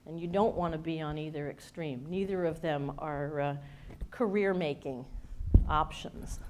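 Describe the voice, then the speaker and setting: A woman speaker and coach giving an animated, emphatic talk with wry humor to a studio audience. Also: deep voice, unhurried, noisy background. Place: event space with a studio audience.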